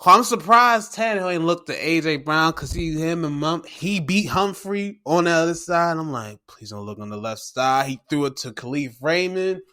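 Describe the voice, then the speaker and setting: Excitable, slangy man with a bright voice. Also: on the high side, moderate pace, hardly any pauses. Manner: excitable and slangy, swears freely; retells games by acting out his own reactions. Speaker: sports podcast host. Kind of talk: casual sports recap chat.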